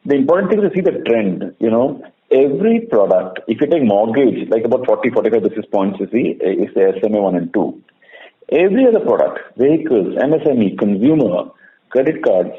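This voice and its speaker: Fast-talking executive on the phone. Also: male voice, mid-range voice. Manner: confident, reassuring, thinks aloud. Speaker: bank executive. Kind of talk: earnings call answers. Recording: tinny phone line.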